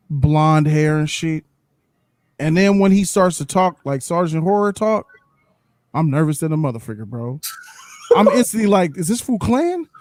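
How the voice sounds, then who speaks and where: A man co-hosting a loose chat, slangy and animated, often breaking into laughs. His voice sits high for a man. The sound is dry and close. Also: dry recording. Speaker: podcast co-host. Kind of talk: casual chat.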